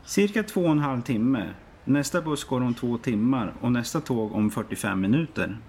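A man playing a brisk airport desk clerk. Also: mid-range voice, lively intonation, a little mellow, slight background noise, lightly acted. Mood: helpful. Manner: fast, matter-of-fact helpfulness. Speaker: airport information desk clerk in a practice dialogue. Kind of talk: scripted dialogue for learners.

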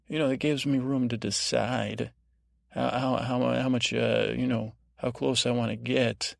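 Drowsy rambling man with a gravelly voice. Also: mid-range voice, level tone, no echo, studio quality. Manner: rambling, drowsy, lulling, with halting restarts. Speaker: podcast host. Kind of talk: meandering bedtime monologue.

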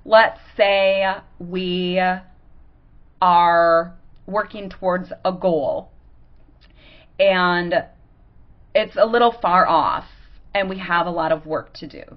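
A woman podcast host giving a casual teaching monologue. She talks conversationally and acts out quick examples as she goes. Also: fairly low pitch, dull audio.

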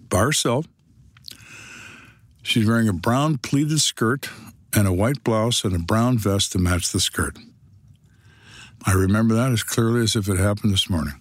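A man's voice: lowish voice, dry recording. An older man, a retired detective, telling stories from his life in a dry, matter-of-fact way. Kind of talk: storytelling monologue.

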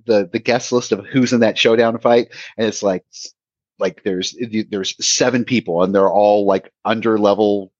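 Laid-back man, low voice, dull lo-fi sound. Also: fairly even intonation, moderate pace, no room sound. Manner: rambling, profane, trails off and restarts. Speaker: podcast host. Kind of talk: casual podcast chat. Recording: dry, dull lo-fi remote mic.

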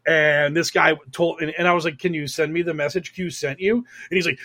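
A young man with a fairly high voice rants on a podcast. He is sarcastic and profane, tripping over his words and restarting, then building into angry outbursts. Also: steady tone, fairly quick, pushed and bright. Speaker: podcast host. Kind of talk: casual political podcast rant.

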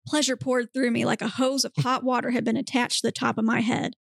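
Deadpan woman reading a story aloud, gravelly. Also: on the high side, brisk, no room sound, studio quality. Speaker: podcast host reading aloud. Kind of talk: dramatic reading of erotic fiction.

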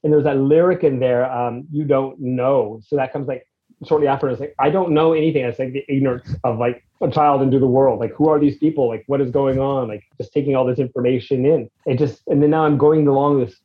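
A man in casual chat, describing a music track at length in a rambling, animated way, acting out his own reactions. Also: medium pitch, a little fast, phone-quality sound. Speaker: guest reviewing a music track.

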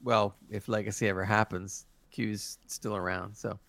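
A man's voice: on the low side, steady tone, moderate pace, vocal fry, a bit bright, dry recording. A man co-hosting a podcast, casually explaining lore as an eager fan and chuckling along. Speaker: podcast co-host. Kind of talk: casual chat reviewing a TV episode.

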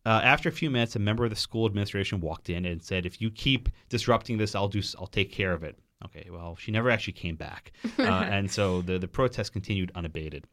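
A man, a guest in a podcast studio, telling a story in an animated way and acting out what other people said. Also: fairly low pitch, fast talker. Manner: animated, quotes people in changing voices.

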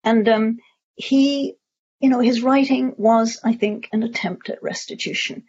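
A woman's voice: fairly high pitch, steady tone, a little slow, a little mellow, husky. A woman answering audience questions at a talk, discursive, with many fillers and restarts. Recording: muffled lo-fi audio.

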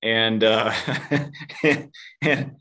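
A man's voice: fairly low pitch, steady tone, drawn-out words, sharp tone. Candid, self-mocking man telling a story. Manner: self-deprecating, casual swearing; calls the host dude. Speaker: podcast guest. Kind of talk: candid storytelling in a podcast interview.

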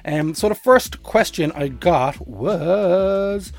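Animated Irish man hosting a comedy podcast. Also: a little high, unhurried, soft background music. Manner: animated, profane, rambling comic storytelling. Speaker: podcast host. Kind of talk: solo comedy podcast monologue.

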